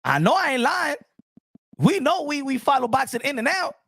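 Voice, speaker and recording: A man giving animated casual commentary as a boxing commentator, excitable, repeating himself and dropping in Spanish phrases. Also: very high-pitched, normal speed, vocal fry, dry recording, studio quality.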